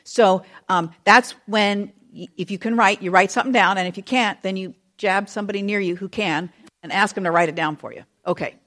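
A middle-aged woman preaching a sermon and telling the story with animated, acted-out voices, addressing the children in the room too. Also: mid-range voice, a little fast. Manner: speaks to children in the audience.

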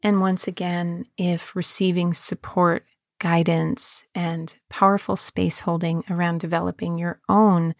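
A woman podcast host and embodiment coach, speaking in a calm, measured way and slowing down on key words. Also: on the low side, vocal fry, no room sound, clean studio sound, soft background music. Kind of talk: podcast monologue.

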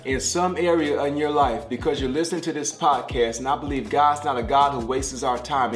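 A man's voice: medium pitch, reverberant. A middle-aged man giving a podcast devotional sermon, talking like a conversation and repeating key phrases for emphasis. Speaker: pastor.

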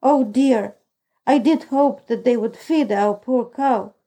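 Woman reading a tearful young boy, fretful, gloomy, mellow-voiced, storybook. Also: on the high side, takes it slowly, low-quality recording. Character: miserable anxious young boy. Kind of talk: audiobook character reading.

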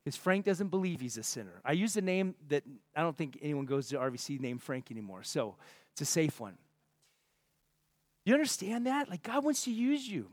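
A man with a high, light voice gives a casual, rambling sermon, poking fun at himself as he goes. The long reverb of a church hall trails after his words. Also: sing-song, moderate pace. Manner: casual, rambling and self-deprecating. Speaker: pastor. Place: church sanctuary.

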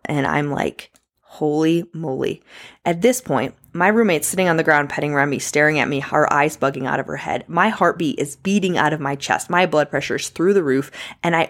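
A young adult woman hosting a podcast, telling a story in a casual way and acting out the voices she quotes. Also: low voice. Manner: animated, acts out quoted voices. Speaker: podcast host.

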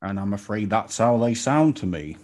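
A man's voice: on the low side, lively intonation, moderate pace, a little mellow, lightly acted. A man playing Tristan, a pompous, worldly-wise male pasty, in a comic game show. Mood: boastful. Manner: pompous, grandly self-assured.

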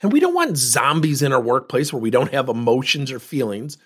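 Male coach host, husky voice with a swinging pitch, animated solo talk. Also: brisk. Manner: animated, rhetorical questions, acts out quoted voices. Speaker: leadership coach and podcast host.

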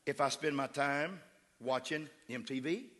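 A man's voice: medium pitch, a little slow, fairly bright tone. A middle-aged man with a West Texas accent, preaching a fervent, emphatic sermon to his church. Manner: fervent, emphatic preaching with crowd call-outs. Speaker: pastor. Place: church sanctuary. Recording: echoey church hall.

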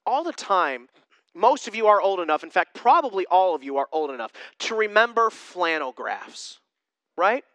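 A man's voice: high voice, very animated, normal speed, a bit bright, no room sound. A man preaching a humorous, conversational sermon, retelling a Bible story with jokes. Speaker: pastor.

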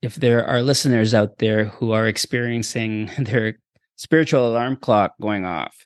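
A man's voice: lowish voice, normal speed, no echo, clean studio sound. A man hosting a podcast interview, affirming his guest and closing the episode. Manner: warm affirming, wraps up the show. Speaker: podcast host.

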